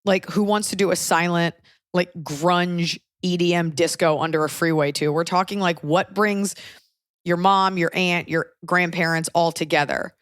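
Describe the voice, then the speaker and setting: A woman's voice: lowish voice, steady tone, normal speed, no echo, studio quality. A woman in her thirties hosting a casual podcast, telling rambling stories in a wry way. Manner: wry, rambling storytelling with put-on voices. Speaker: comedian and podcast host.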